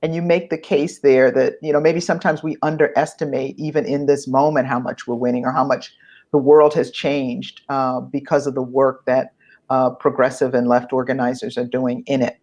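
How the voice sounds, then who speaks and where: A woman moderating an online panel discussion. She frames questions for the panelists, pauses often to search for words and is affirming toward them. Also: very deep voice, level tone, darkish tone. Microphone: video call. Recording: dull, lo-fi video call audio.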